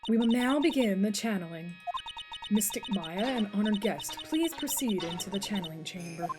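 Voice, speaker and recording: A woman's voice: mid-range voice, animated, normal speed, over music, natural voice. A woman voicing a prim older female spiritual medium who speaks formally and stiffly.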